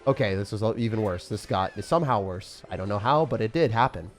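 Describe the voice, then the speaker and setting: A young man giving excitable, jokey commentary over his own gameplay, swinging from loud hype to low mutters. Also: quick pace, soft background music. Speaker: gaming commentator.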